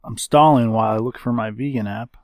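A man co-hosting a podcast in casual chat, taking his time and teasing with a dry, drawn-out delivery. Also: medium pitch, a little mellow, no echo. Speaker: podcast co-host.

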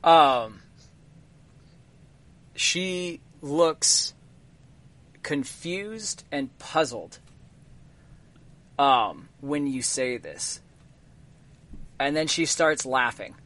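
A man narrating as game master of a tabletop game, measured and halting, with frequent ums. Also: a little high, lively intonation, fairly bright tone.

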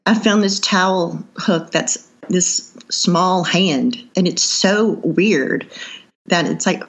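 A woman's voice: on the low side, takes it slowly. A woman, chatting as a cookbook author guest in an interview, laughing easily and trailing off with fillers. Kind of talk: casual interview chat.

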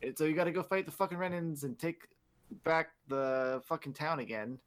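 A man's voice: fairly high pitch, normal speed. Rambling, cursing podcast host, a man. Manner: rambling, profane recap full of filler words. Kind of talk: casual chat.

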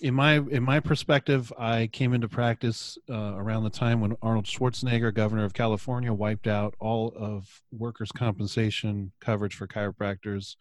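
An earnest man in a relaxed conversation, pressing his points with emphasis. His voice sits close and dry on the mic, with no room sound around it. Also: on the low side, moderate pace, few pauses, dry recording. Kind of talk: casual chat, reading a quoted passage aloud.

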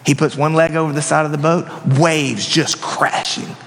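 High-voiced man preaching in a hall. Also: fairly even intonation, normal speed. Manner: dramatic storytelling, dropping to hushed emphasis. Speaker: pastor. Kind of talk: sermon. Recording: long reverb of a church hall.

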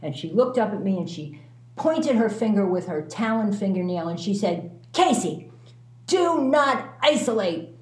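A woman candidly telling a personal story as a guest, animated and self-mocking, swearing freely. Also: medium pitch, normal speed, echoey room.

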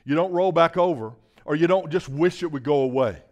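A man preaching a sermon, moving between hushed asides and loud emphatic bursts and calling out to the congregation for a response. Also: a little high, a little fast, highs cut off.

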